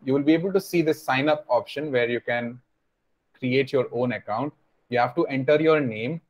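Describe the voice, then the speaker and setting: A young man teaching children over a video call. He explains patiently, repeats himself and fills gaps with small fillers. His voice sits at an ordinary middle pitch. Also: moderate pace, lo-fi sound. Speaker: online class instructor.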